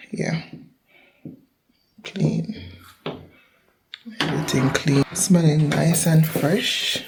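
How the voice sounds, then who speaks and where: A young seasonal worker who vlogs chats casually in her home kitchen with a Jamaican accent, rambling and repeating herself. Her low voice is creaky with a darkish tone. A little hiss or hum can be heard.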